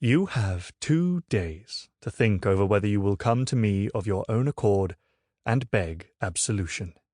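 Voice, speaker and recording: A man's voice: fairly low pitch, expressive, a little slow, a little mellow, no room sound. A fanatical Dominican friar, as a male narrator acts him out, a zealous inquisitor who thunders condemnations at full force. His voice lifts a little above the reader's own, and his sweetness rings false. Close, dry audiobook sound. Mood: falsely sweet. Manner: roaring hellfire preaching, then falsely sweet.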